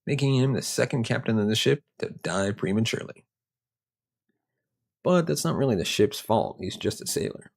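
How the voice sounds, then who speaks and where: A man's voice: medium pitch, expressive, normal speed, gravelly, long pauses, a little mellow. A man hosting a history show, narrating with joking, conversational asides. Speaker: host.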